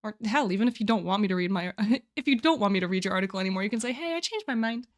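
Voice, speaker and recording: A woman's voice: mid-range voice, rapid-fire. A young woman streaming live, chatting casually and giggling often as she walks through her writing challenge. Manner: chatty, giggly, restarts phrases.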